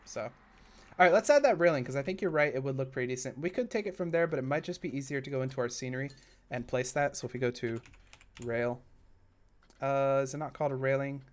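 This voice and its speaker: A man streaming a park-building game live, chatting casually and rambling into side stories while he builds, with sudden excitable bursts. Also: mid-range voice, fast talker.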